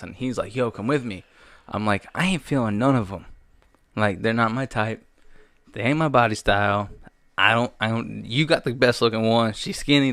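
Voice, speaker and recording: A man's voice: lowish voice, fairly bright tone, no echo, clean studio sound. A man in his thirties, a podcast co-host telling a crude story in a brash, profane way. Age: 30s. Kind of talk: casual chat, crude storytelling.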